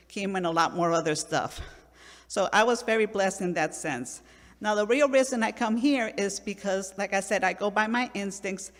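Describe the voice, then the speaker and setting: Woman in her fifties, from puerto rico, church testimony, chatty storytelling, long church-hall reverb. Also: medium pitch. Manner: conversational, acts out quoted voices. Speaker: church member giving a testimony. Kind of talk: personal testimony talk. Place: church sanctuary.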